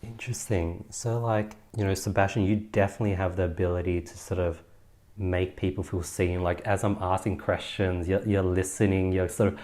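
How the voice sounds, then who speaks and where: Deep, flat-voiced male podcast host. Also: moderate pace. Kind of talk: interview questions.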